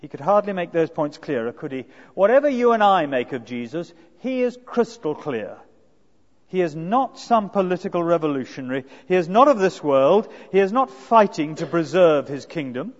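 A man with a notably high voice delivers an earnest expository sermon, leaning on rhetorical tag questions. The sound is dull and lo-fi. A long hall reverb trails after his words. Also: very animated, moderate pace. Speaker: preacher.

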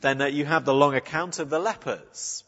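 A man delivers a sermon in a conversational, earnest way, often restarting his phrases. His voice is slightly husky, and it comes through a dull, muffled recording. A long reverb from the church trails behind him. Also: a little high, normal speed, a bit bright. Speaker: preacher.

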